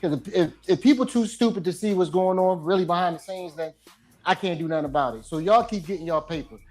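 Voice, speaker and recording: A man tells his side in a podcast chat with blunt, animated talk and coarse jokes. Faint music sits behind him. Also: sits high, quick pace. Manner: animated storyteller, coarse joking asides. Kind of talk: casual debate chat.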